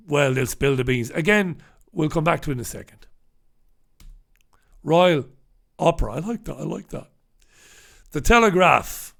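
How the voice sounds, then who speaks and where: A man's voice: fairly high pitch, fairly bright tone. A man hosting a humorous newspaper review on a live stream, casual and wry, swearing freely as he talks. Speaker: host.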